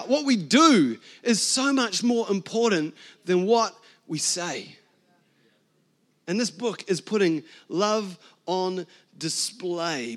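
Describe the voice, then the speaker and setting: A middle-aged man with a New Zealand accent preaching a sermon. His voice sits high for a man, and he keeps things conversational, lively and full of asides and jokes. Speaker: pastor.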